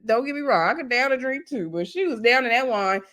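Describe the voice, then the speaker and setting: A woman vlogger recapping a reality TV episode in a casual, gossipy, animated way, with loose slangy talk and asides to her viewers. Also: a little high, brisk. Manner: loose slangy speech addressing viewers as y'all.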